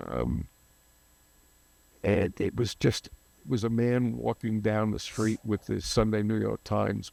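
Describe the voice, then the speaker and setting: A man's voice: on the low side, gravelly, darkish tone, no echo. An older man, a photographer guest, telling long rambling anecdotes in an interview, often losing names and restarting.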